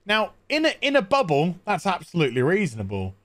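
A man's voice: high-pitched, wildly swooping pitch, brisk, fairly bright tone, dry recording. A man hosting a podcast, recapping a movie comically in a mocking, incredulous tone. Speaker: podcast host.

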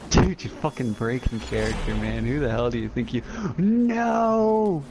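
A man's voice: mid-range voice, brisk, loud music behind the voice, low-quality recording. A young man streaming a game with friends, joking, laughing and swearing in casual banter.

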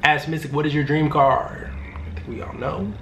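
A man's voice: a little high, steady tone, normal speed, a bit bright, slight background noise. Joking young man in a roomy room. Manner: joking, rambling, loose slangy talk. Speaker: YouTuber answering fan questions. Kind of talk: casual Q&A vlog. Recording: roomy room with faint ambience.

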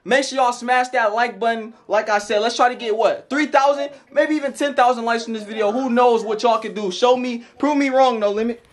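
A young man hosting a prank vlog, hyped and laughing as he calms everyone down. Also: very high-pitched, fairly quick. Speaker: YouTube prankster host. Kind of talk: casual vlog chat.

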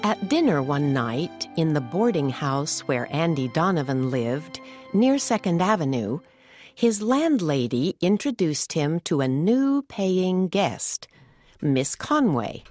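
A woman narrating a story in slow, clear English for learners. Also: sits low, sing-song, darkish tone, faint music behind.

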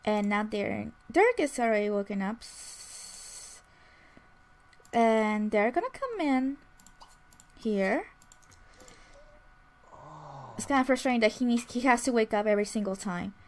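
A woman's voice: a little high, expressive, unhurried. A young woman doing casual, chatty gameplay commentary, often exasperated and full of fillers. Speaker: let's play gamer.

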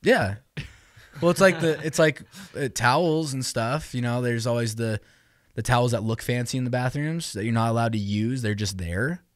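A man's voice: medium pitch, moderate pace, no echo, clean studio sound. A man in his twenties, a podcast host, telling embarrassing stories in casual chat, often laughing and acting out what people said. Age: 20s. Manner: animated storytelling with laughs and acted-out quotes.

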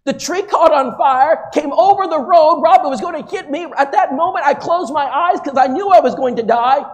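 A man putting on a high, excitable churchgoing woman. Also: a little fast. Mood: dramatic. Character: excitable churchgoing woman telling her conversion story.

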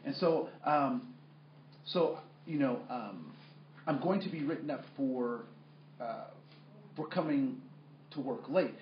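Speaking slowly with long pauses, a man in a mid-range, animated voice runs a workplace training session, peppering his talk with fillers and quizzing the audience. Slight background noise accompanies muffled, echoey sound.

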